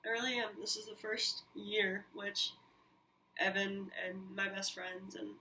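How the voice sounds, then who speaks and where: Bright-voiced woman telling a story at a distance. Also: mid-range voice. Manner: animated, swears freely, quick asides and laughs. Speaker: podcast host. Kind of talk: candid personal storytelling. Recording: mic a little distant, faint hiss.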